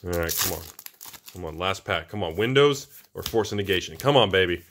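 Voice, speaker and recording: A man hosting a card box-opening video, talking through each pull with animated, excitable commentary. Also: deep voice, brisk, a little hiss or hum. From United States. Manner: animated, swings from hushed awe to whooping excitement. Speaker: channel host opening card packs.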